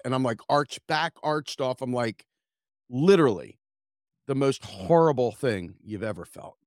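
Speaking a little slowly with long pauses in a mid-range voice, a middle-aged podcast host from the United States rants casually through a story. He acts out the quotes with lively swearing, and the studio-quality audio has no echo.

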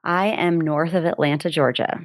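A woman's voice: sits low, fairly even intonation, moderate pace, background noise. A woman raised in the American South, a podcast guest on a video call who talks in an easygoing, playful way and laughs often. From Southern United States. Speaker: podcast guest, psychic medium and counselor. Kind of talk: casual interview chat over video call.

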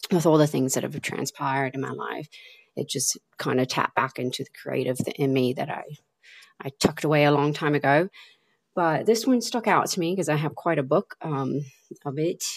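A woman hosts her own podcast in a casual monologue, rambling and heartfelt with plenty of ums and restarts. Her low-pitched voice is gravelly and slightly rough, recorded dry.

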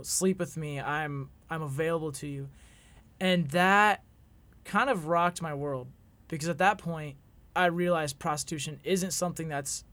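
Earnest and reflective, a man in his twenties shares a personal story as a podcast guest, often stopping and starting over. He speaks in a fairly bright voice pitched on the high side.

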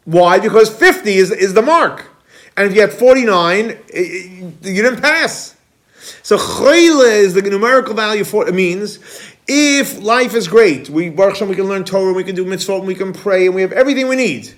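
A man teaching a Kabbalah class as a rabbi, animated, quizzing students and repeating key points. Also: high-pitched, moderate pace. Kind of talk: classroom lecture.

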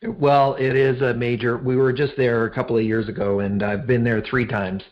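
A middle-aged man hosts an interview, trading dry jokes and drifting into digressions. His voice is at a mid pitch, and the recording sounds dull and lo-fi. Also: little pitch movement, normal speed. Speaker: podcast host. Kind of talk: casual interview conversation.

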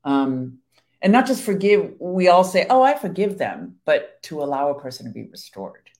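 A woman's voice: lowish voice, very animated, moderate pace, a little mellow. Earnest woman co-hosting a faith chat. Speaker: co-host of a Christian devotional show. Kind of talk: casual faith chat with her husband.

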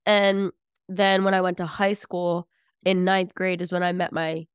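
A woman's voice: on the low side, level tone, unhurried, clear, resonant tone, no echo, clean studio sound. A woman in her twenties, a podcast guest telling a personal story in a chatty, filler-heavy way. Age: 20s. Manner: chatty, filler-heavy, acts out family dialogue. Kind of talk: casual storytelling.

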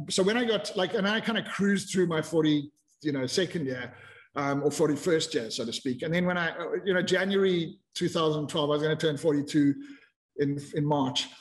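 A man in his fifties, a podcast guest telling his story in a candid, reflective way with frequent restarts. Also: on the high side. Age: 50s. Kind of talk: casual interview chat.

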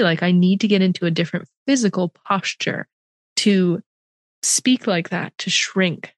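Canadian woman host, low-ish voice, thoughtful and emphatic, dead dry mic. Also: unhurried, dry recording. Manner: reflective, emphatic, animated in places. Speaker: podcast host. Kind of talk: conversational interview.

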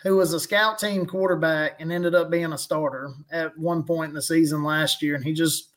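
A man's voice: a little high, steady tone, moderate pace, a bit bright. A man, a guest chatting casually about his football team, rambling and chuckling as he tells stories. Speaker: guest fan podcaster. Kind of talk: casual chat.

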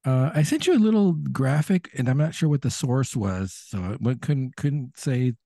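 A man's voice: medium pitch, animated, normal speed, creaky, mellow, no room sound, studio quality. A man co-hosting a casual beer podcast, easygoing and teasing his co-host. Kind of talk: casual chat.

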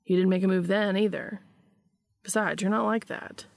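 Woman voicing a gentle, coaxing young man. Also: mid-range voice, steady tone, normal speed, gravelly, natural voice. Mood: tender.

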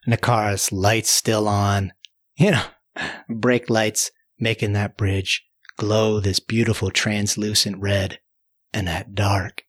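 A man telling a story in a chatty, animated way, chuckling now and then. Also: fairly low pitch, husky. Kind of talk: spoken storytelling.

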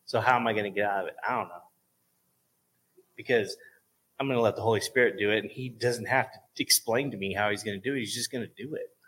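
A man's voice: fairly low pitch, fast talker, a bit bright, breathy edge, rough recording. A man leading a faith group, talking directly and coaxingly, often checking in with "okay?". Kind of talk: informal exhortation.

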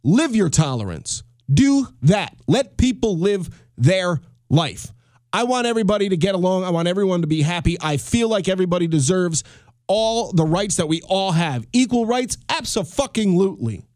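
Host, male, 30s, high-pitched, heated swearing rant, dry close mic. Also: animated, normal speed, a little mellow, dry recording. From United States. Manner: fired-up, swearing, repeats and restarts. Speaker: podcast host. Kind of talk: solo podcast rant.

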